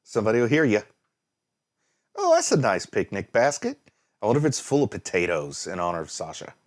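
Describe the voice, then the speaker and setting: Lively, expressive man reacting to anime. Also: fairly low pitch, fairly quick. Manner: animated, exclaims and laughs at the screen; muses aloud, thinking things through. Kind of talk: casual reaction commentary.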